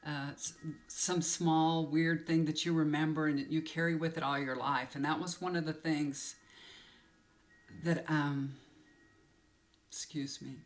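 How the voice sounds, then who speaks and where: A woman's voice: low-pitched, steady tone, normal speed. A woman tarot reader telling a personal story to camera in a confiding, emotional way, rambling with many fillers, close to tears. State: tearful.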